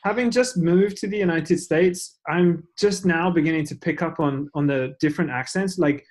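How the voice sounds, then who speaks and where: A man's voice: on the high side, moderate pace, darkish tone, slight background noise. A man with an English accent, chatting as a podcast guest in a self-deprecating way with many fillers. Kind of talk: casual interview chat.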